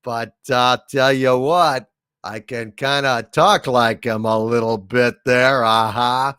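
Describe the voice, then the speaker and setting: A man's voice: mid-range voice, takes it slowly, clean tone, dry recording, studio quality. A man hosting a comedy livestream, chatting casually and bluntly as he reads out viewer messages, with some swearing. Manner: blunt, rambling, animated, swears freely.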